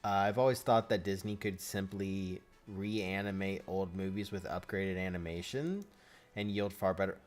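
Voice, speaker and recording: A man's voice: sits low, normal speed, faint music behind. A man hosting a casual live stream, chatting with viewers and reacting as he goes.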